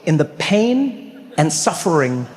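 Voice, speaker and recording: A man doing stand-up storytelling, animated and acting out characters mid-story on a large theater stage. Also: on the high side, slow, big-room sound. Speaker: stand-up comedian.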